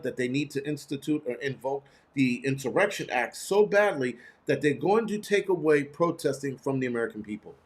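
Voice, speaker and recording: A man hosting his own show, telling a story in a blunt, profane, animated way. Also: medium pitch. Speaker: host. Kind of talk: casual storytelling monologue.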